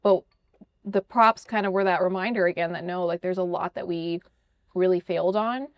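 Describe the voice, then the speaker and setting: A woman hosting a political interview show, talking in a brisk, conversational way full of "you know" and "like". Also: fairly low pitch, fairly even intonation, dry recording. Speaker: podcast host.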